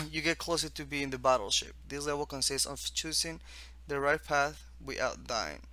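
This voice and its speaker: A man from the East Coast of the United States casually walks through his own text game, reading the on-screen text haltingly with restarts and asides. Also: on the high side, bright, forceful tone, no room sound.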